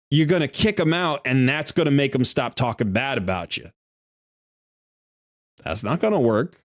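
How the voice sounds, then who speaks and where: A man's voice: medium pitch, animated, brisk, no echo, clean studio sound. A male game streamer in a live stream, making an argumentative case with worked examples.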